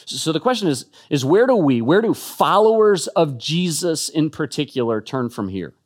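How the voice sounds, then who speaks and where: A man delivering an earnest sermon-style talk in a voice that sits on the higher side. He presses his points with emphasis. He keeps tripping into quick restarts. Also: big pitch swings. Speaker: Christian speaker.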